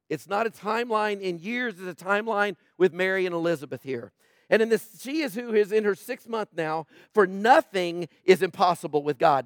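High-voiced man preaching, dry sound. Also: no room sound. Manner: conversational preaching, jokes with the congregation. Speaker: pastor. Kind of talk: sermon.

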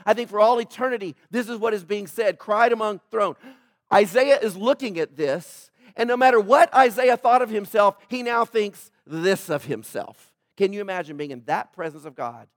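A man preaching a sermon as pastor, swinging between loud declarations and soft joking asides and putting questions to the congregation. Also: high voice, normal speed, dry recording, clean studio sound.

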